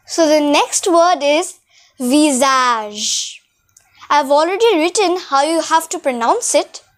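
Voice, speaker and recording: A woman's voice: high-pitched, lively intonation, slow pace. A woman teaching French to beginners, speaking carefully and drawing out example words, in a room with a whiteboard. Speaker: French tutor. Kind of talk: beginner language lesson.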